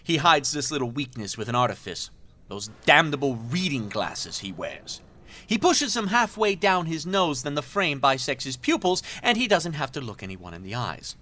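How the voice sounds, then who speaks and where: Pompous gloating villain guy, a man doing the voice, bright edgy tone, swoops all over, fancy wordy talk, audio drama. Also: medium pitch, very animated, normal speed. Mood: scheming. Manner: florid, mannered diction with theatrical laughs. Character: gloating self-serving male villain, pompous and verbose.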